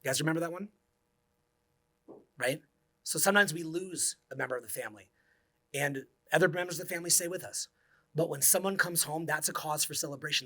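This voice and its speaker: A man's voice: fairly high pitch, a little fast, pushed and bright, slightly rough. A man in his forties, a social skills coach, giving an intense, profane motivational speech that drops to near-whispers. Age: 40s.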